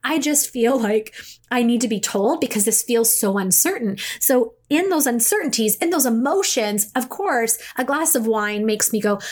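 A woman's voice: a little high, animated, normal speed. A middle-aged woman hosting her podcast, talking in a chatty, confessional way and laughing often. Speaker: podcast host. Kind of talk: casual solo podcast monologue.

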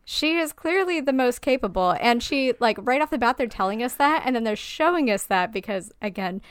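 A woman's voice: fairly high pitch, animated, a little fast, smooth, no room sound, studio quality. A woman talking casually about a film, emphatic and profane, laughing often.

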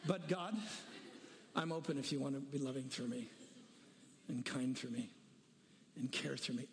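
A man's voice: medium pitch, moderate pace, pauses often, big-room sound, slight background noise. A man preaching a sermon, telling a story with voices for each person and daring listeners to pray honestly. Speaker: pastor.

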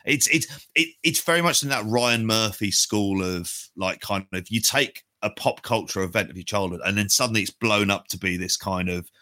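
A man with a somewhat low voice and a sharp, forceful tone gives quick, opinionated takes. The recording is dry and close. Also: no room sound. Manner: quick, opinionated, swears casually. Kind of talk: casual podcast chat.

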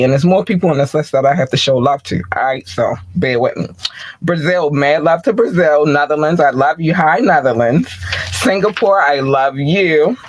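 A man hosting a podcast, giving playful, slangy, chatty shout-outs to his listeners. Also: on the high side, no room sound, low-quality recording. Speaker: podcast host. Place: room with several screens.

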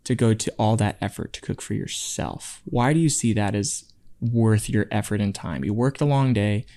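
A man's voice: lowish voice, moderate pace, dark tone. A man who co-hosts a podcast and works as a psychotherapist, chatting casually and teasing his co-host with frequent laughs. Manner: playful teasing, laughs often. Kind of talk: casual chat.

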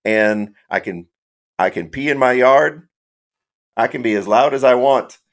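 Animated male podcast guest. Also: mid-range voice, measured pace. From Kansas City, US. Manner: animated, storytelling. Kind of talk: casual sports podcast chat.

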